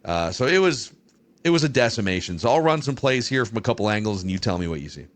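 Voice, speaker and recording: A man hosting a football podcast, setting up topics in a brisk, conversational way. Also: fairly low pitch, very animated. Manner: brisk, conversational host patter. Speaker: podcast host. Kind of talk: casual sports talk.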